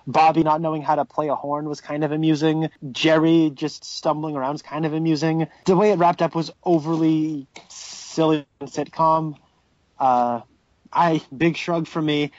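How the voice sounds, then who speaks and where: A man's voice: a little high, little pitch movement, normal speed, darkish tone, no echo, muffled recording. A young man co-hosting a casual podcast chat, offhand and mildly sardonic. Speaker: podcast co-host.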